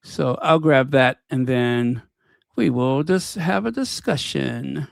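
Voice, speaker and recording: A man with a gravelly edge to his voice, recorded close and dry. He talks casually to his viewers, thinking out loud as he cues up what to show next. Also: mid-range voice, slow, no echo. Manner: thinking aloud, stops to find and set up clips. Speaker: channel host. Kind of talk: casual commentary.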